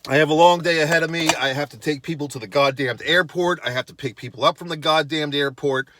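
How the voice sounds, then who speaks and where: A man's voice: on the high side, fairly even intonation, fast, noisy background. A man delivering a profane, sarcastic rant on his vlog, blunt and dismissive in tone. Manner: sarcastic, heavy swearing. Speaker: wrestling commentator.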